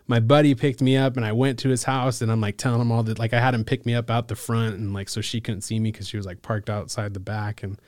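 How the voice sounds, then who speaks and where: A man from Alaska, a case manager, telling his recovery story in a relaxed, casual way, full of "like" and "bro" and quick laughs. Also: mid-range voice, no room sound. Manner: laid-back, lots of "like" and "bro", laughs often. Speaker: podcast guest, case manager.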